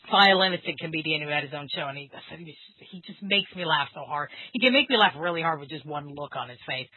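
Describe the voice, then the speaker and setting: A woman's voice: low voice, dry recording. A woman co-hosting a casual podcast chat, rambling and enthusiastic as she reminisces about old cartoons. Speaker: podcast co-host. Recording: dry phone-like sound.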